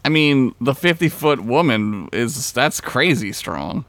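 A man's voice: mid-range voice, big pitch swings, slow, fairly bright tone, no echo. A man co-hosting a podcast in casual chat, laid-back and swearing freely. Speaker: podcast co-host.

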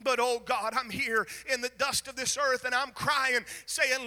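A man preaching a sermon, swinging from hushed near-whispers to shouted, sung-out lines in a chanting cadence. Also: extremely high pitch, steady tone, measured pace, few pauses, long reverb tail.

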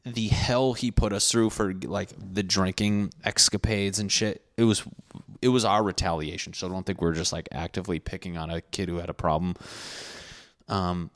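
A man's voice: sits low, steady tone, moderate pace, no room sound. A young man telling a crude college story in a casual, rambling way, swearing often with fillers and restarts.

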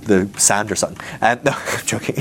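A man's voice: lowish voice, fairly quick, creaky, a little hiss or hum. A man teaching a ministry school class in a casual, joking way, acting out the voices of Bible characters. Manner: jokey, animated, acts out voices of Bible characters.

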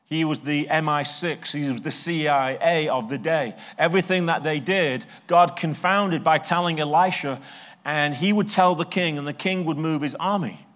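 Middle-aged guy preaching, kinda high voice, goes quiet and slow then gets loud and punchy. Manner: swings from soft and slow to loud and emphatic. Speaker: pastor. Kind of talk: sermon.

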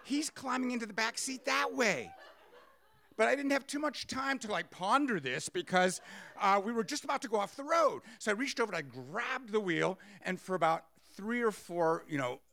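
A man telling a personal story on stage, animated, acting out what people said. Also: sits high, normal speed, gravelly. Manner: animated, acts out quotes with laughs.

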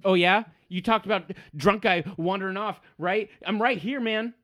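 A man voicing a hot-tempered drunk male halfling who swears and shouts. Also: high voice, normal speed, voice pushed up. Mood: angry.

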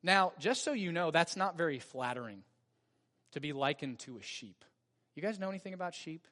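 A male pastor delivering a sermon with a slightly high voice. He preaches earnestly and stresses his points, stretching key words slowly. A long reverb from the church hall trails after each phrase. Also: expressive, pushed and bright. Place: church sanctuary.

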